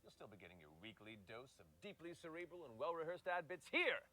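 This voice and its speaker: A man's voice: fairly high pitch, sing-song, fast, sharp tone. A man making scripted show announcements in a playful, mock-grand way.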